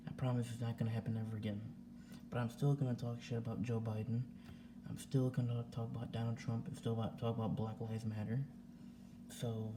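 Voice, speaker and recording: A man's voice: medium pitch, noisy background. A young man ranting casually to his camera at home, repeating himself and swearing as he talks. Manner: repetitive, agitated, swearing. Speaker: vlogger. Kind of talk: casual vlog rant. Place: home indoors.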